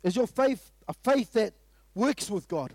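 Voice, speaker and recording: Kiwi guy preaching a sermon, pretty high voice, asks the same question again and again, dead dry sound. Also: animated, measured pace, no room sound. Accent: New Zealand. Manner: emphatic, preaches in repeated rhetorical questions, rises to sudden loud bursts. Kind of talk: sermon at a morning prayer meeting.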